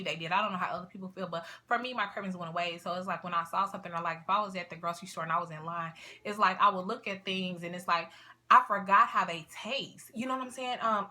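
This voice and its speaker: A young woman vlogs casually to the camera in a mid-range voice, talking fast with a pushed, bright tone. She's chatty and rambling, full of fillers and asides, and sniffles at one point.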